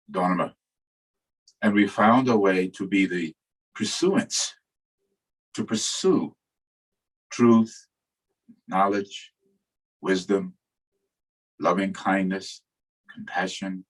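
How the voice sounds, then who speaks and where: Husky older man giving a dharma talk. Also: deep voice, poor audio. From New York. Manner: reflective, storytelling, gentle humor. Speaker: Buddhist teacher.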